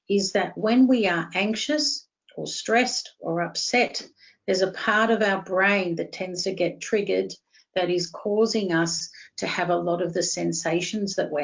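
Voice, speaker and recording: A woman with an Australian accent, a counselling psychologist calmly explaining and guiding step by step. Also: lowish voice, vocal fry, highs cut off. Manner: steady, reassuring, guiding step by step. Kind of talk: calm explanatory interview talk.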